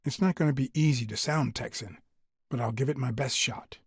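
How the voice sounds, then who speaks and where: An actor voicing a world-weary male cat private detective in a noir game, with husky dry understatement. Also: medium pitch, brisk, dry recording.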